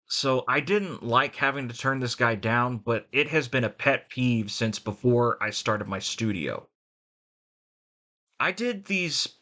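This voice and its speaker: A man's voice: mid-range voice, bright, forceful tone. A man talking frankly in a rambling vlog about his voice acting work. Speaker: voice actor and vlogger.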